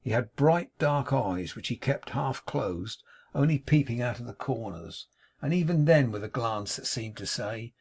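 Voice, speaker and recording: A male audiobook narrator with a husky, breathy grain to his voice. He reads in a steady, even storytelling manner at a mid pitch. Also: measured pace. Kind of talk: scripted narration.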